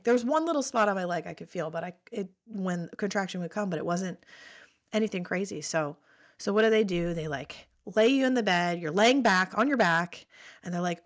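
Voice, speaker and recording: A woman in her thirties telling a personal story as a podcast guest, animated, acting out what people said. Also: medium pitch, fairly quick. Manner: animated storytelling, acts out quoted voices.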